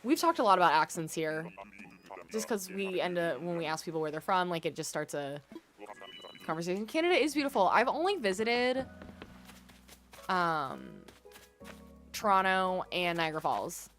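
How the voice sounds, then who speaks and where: A woman's voice: on the low side, big pitch swings, normal speed, long pauses, fairly bright tone, soft background music. A young woman from the American Midwest with a Midwestern accent, chatting casually with viewers while streaming a game and drawing out words for drama. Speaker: gaming streamer.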